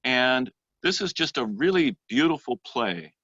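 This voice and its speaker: A man giving a church education talk on literature, speaking thoughtfully with frequent pauses and reading passages aloud. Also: medium pitch, big pitch swings, sharp tone, husky, no echo, muffled recording.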